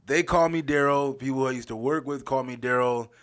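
A man's voice: mid-range voice, a little fast, a bit bright. A young man hosting his own podcast, telling a story in a casual, rambling way, repeating phrases and laughing often. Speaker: podcast host.

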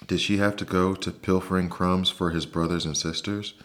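A man with a deep, low voice reads a bedtime story aloud. His narration is soft, slow and soothing. He speaks as a calm podcast host.

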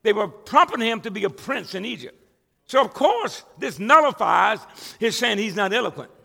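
A man's voice: high-pitched, very animated, moderate pace, creaky, sharp tone, big-room sound. A male pastor preaching a sermon to his church, emphatic and conversational, often stumbling and restarting words. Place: church sanctuary with a congregation.

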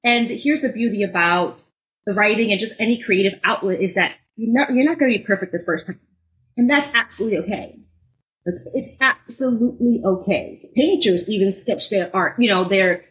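A woman podcast co-host telling personal stories in a casual way, acting out moments with sudden high bursts and using a lot of "like.". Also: a bit bright, rough recording. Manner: frequent filler "like".

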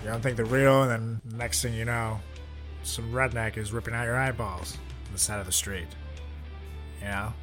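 A man co-hosting a comedy podcast, joking sarcastically and swinging from muttered asides to loud bursts. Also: mid-range voice, steady tone, normal speed, faint music behind. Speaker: podcast co-host.

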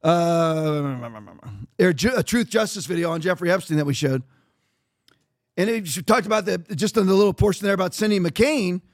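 A man's voice: high-pitched, normal speed. A middle-aged man hosting a podcast, delivering emphatic, repetitive, sarcastic political commentary. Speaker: podcast host.

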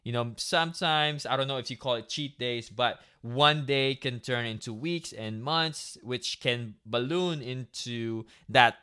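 Man, podcast host, bright forceful voice, affirming, laughs easily, halting restarts. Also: mid-range voice, smooth. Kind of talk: podcast interview.

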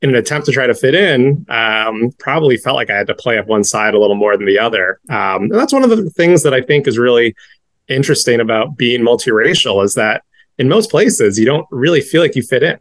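A man in his thirties from the northeastern United States speaks as an interview guest. He talks in a reflective, measured way, often pausing on soft fillers, at a middling pitch. The recording is close and dry. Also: animated, no room sound. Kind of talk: conversational interview.

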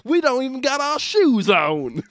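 A man's voice: extremely high pitch, very animated, unhurried, a bit bright, dry recording, studio quality, pitched above the performer's own voice, exaggerated voice. A man putting on an exaggerated rural Midwest drawl as a rowdy hick yokel. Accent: mock rural Midwest US drawl.

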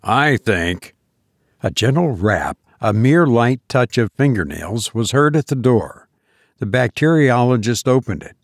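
A man narrating a classic story as an audiobook, in a measured, expressive way. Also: mid-range voice, dry recording, clean studio sound.

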